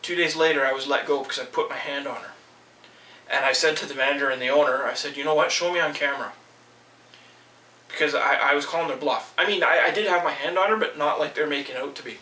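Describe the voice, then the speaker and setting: This angry, swearing rant comes from a male vlogger fuming over being let go from work, and he mimics others by raising his voice when he quotes them. He talks fast in a slightly high, pushed, bright voice. The audio is poor in quality, reverberant, and picked up far from the microphone.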